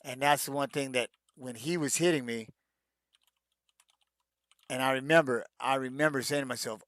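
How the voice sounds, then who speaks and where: A man's voice: medium pitch, steady tone, normal speed, long pauses, a bit bright, dry recording, clean studio sound. A middle-aged man, a retired fighter, answering fan questions in a casual live-stream Q&A, rambling with many restarts and fillers.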